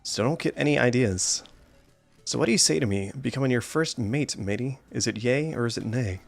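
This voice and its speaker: A man's voice: medium pitch, expressive, creaky, no echo, soft background music. A man putting on a hammy pirate voice for a fox animatronic figure in a video game, stretching his words out. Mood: swaggering. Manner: drawn-out pirate accent, hammy.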